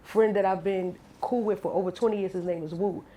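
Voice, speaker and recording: A woman's voice: medium pitch, steady tone, fairly quick, dark tone, roomy sound, slight background noise. A woman guest in a candid radio interview, telling a personal story bluntly and with slang.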